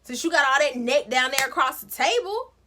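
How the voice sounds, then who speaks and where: Woman, sassy recap vlogger, bright voice, expressive storytelling. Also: high voice, brisk, a little hiss or hum. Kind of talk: animated show recap with commentary.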